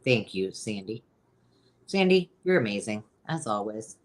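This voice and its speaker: A woman's voice: a bass voice, sing-song, unhurried. A middle-aged woman hosting a live sale, talking in a rambling, chatty way with frequent ums. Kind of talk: casual live-stream selling chat.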